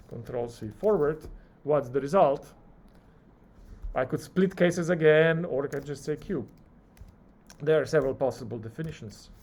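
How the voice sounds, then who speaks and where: With a voice that sits a little high, this male lecturer runs a live coding class. He talks through every keystroke, voicing the software's replies as he goes.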